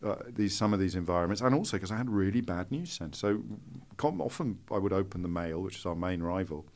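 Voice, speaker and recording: A middle-aged man from Britain recounts his stories with lively energy, restarting sentences and laughing as he goes. His voice sits a little low, and he talks in an easy, conversational interview manner. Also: brisk. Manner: animated storyteller, bursts of laughter, restarts. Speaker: guest. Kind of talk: casual anecdotal interview.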